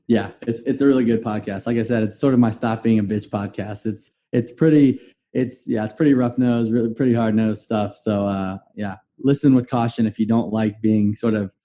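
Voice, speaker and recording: A man's voice: lowish voice, fairly even intonation, normal speed, warm tone, slight background noise. A man talking as a guest on a podcast, easygoing and laughing often, with many restarts. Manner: easygoing, laughs often, repeats words when starting. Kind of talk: casual podcast chat.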